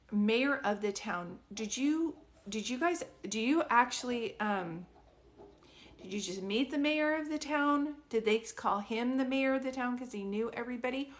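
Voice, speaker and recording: Chatty woman doing a psychic reading. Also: on the high side. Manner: chatty and rambling, full of "like" and restarts. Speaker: psychic medium giving readings. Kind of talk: casual live-stream reading. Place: at home with a dog nearby.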